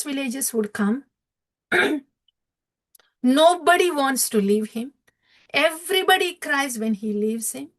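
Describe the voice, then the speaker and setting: A middle-aged woman delivers a devotional storytelling lecture in a fairly high voice. She speaks very slowly and emphatically, repeating key words for weight and dropping into chanted scripture verses. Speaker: spiritual speaker.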